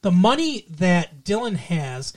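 A man's voice: high voice, very animated, slow. Rambling male podcast co-host. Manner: rambling, trails off and restarts mid-thought. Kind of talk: casual chat about a TV show.

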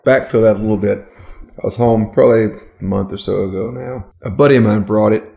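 A man's voice: on the low side, steady tone, quick pace, gravelly, warm tone. A man co-hosting a casual podcast from his home, laid-back and rambling, often restarting his sentences. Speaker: podcast co-host. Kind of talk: casual chat. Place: home studio at his house. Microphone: studio microphone.

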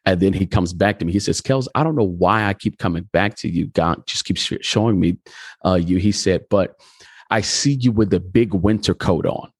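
A man's voice: deep voice, moderate pace, husky, no echo, studio quality. A pastor telling his story in a conversational interview, acting out the dialogue as he goes. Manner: animated storyteller, acts out dialogue.

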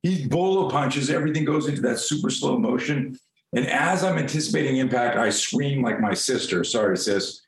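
A man guest on a podcast, telling a story in a lively, animated way, swearing casually and acting out the scenes. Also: medium pitch, normal speed, gravelly, echoey room, low-quality recording.

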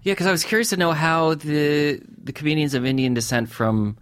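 A man's voice: fairly high pitch, fairly quick, fairly bright tone, clean tone. A man interviewing a guest, curious and engaged, giving short acknowledgments as he listens and asking follow-up questions. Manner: curious, brief backchannels, laughs along. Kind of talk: casual interview conversation.

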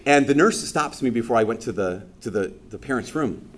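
A man preaching as a Catholic priest, in a mid-pitched voice. He tells a personal story in an animated way, acts out each person's lines, and pokes fun at himself as he goes. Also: brisk. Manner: animated, acts out dialogue with self-deprecating humor.

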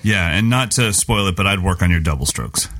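Middle-aged guy cohosting a podcast, bright forceful voice, pitched a bit low, jokey. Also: expressive, brisk, slight background noise. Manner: jokey, scats drum patterns aloud. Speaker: podcast co-host. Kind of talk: casual chat.

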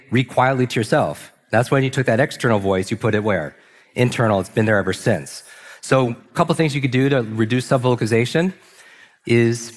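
A man giving an energetic motivational talk on a large stage, asking the audience questions and slowing down for emphasis. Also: mid-range voice. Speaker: speaker. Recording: long hall reverb.

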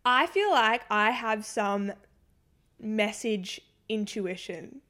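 A woman's voice: mid-range voice, slow, pushed and bright. A young woman co-hosting a podcast in casual, rambling chat with many fillers. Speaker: podcast co-host.

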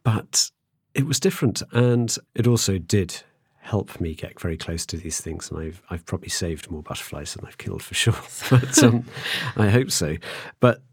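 A man's voice: sits low, animated, normal speed, gravelly, hardly any pauses, darkish tone, slightly rough, no echo, studio quality. A middle-aged man hosting a podcast, chatting casually and rambling with many restarts. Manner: rambling, restarts often, chuckles. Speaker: podcast host. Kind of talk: casual conversation.

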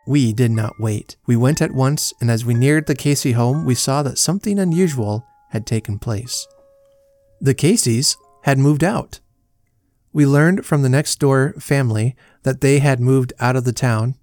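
A male podcast host narrating a classic story in a measured, dry storytelling manner. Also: medium pitch, a little mellow, soft background music.

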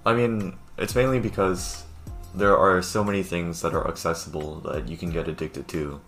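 A man's voice: low voice, fairly even intonation, normal speed, fairly bright tone, soft background music. A young man co-hosting a casual podcast from home over a Zoom call, chatty and laughing with lots of fillers. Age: young adult. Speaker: podcast co-host.

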